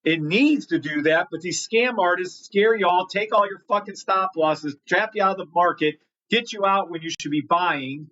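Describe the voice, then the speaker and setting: A man's voice: high-pitched, normal speed, hardly any pauses, pushed and bright, lo-fi sound. A man hosting a live trading stream, greeting chat by name and talking bluntly with lots of swearing. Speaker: livestream trading host. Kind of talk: live market commentary reading chat.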